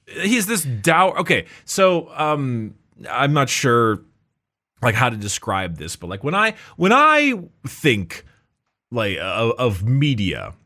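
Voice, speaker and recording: A man talking through game lore in a loose, rambling way, full of fillers and restarts. His pitch swings widely as he talks, lively and animated. He laughs often between thoughts. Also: slow. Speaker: podcast co-host. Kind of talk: casual lore chat.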